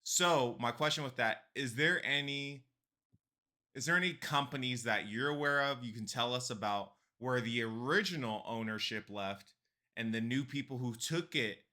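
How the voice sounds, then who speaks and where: A man's voice: mid-range voice, normal speed, pushed and bright. A man hosting an interview, agreeing emphatically and asking follow-up questions. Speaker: podcast host. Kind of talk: casual interview chat.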